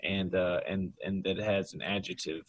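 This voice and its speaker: A man with a fairly low voice talks through quiz tactics in a loose, chatty way. He restarts sentences often and slips in the occasional joke. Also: fairly even intonation, normal speed, dry recording, low-quality recording. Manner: chatty, joking, frequent restarts. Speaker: podcast host and quiz coach. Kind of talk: casual chat.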